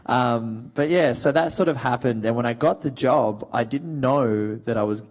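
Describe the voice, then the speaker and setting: A man's voice: mid-range voice, moderate pace. Chatty Australian man telling stories. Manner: animated storyteller, many fillers. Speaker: actor, panel guest. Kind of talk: anecdotal panel talk.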